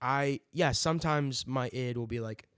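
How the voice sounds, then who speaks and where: A man's voice: mid-range voice, normal speed, fairly bright tone, smooth, no echo. Young man, American, crude joking banter, swears freely, dry sound. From United States. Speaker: podcast co-host. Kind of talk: casual chat.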